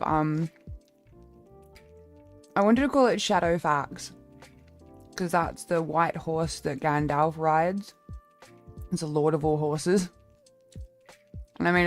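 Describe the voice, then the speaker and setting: Playful, swearing Australian woman streamer. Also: on the low side. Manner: playful, swears freely, laughs often. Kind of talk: casual livestream chat.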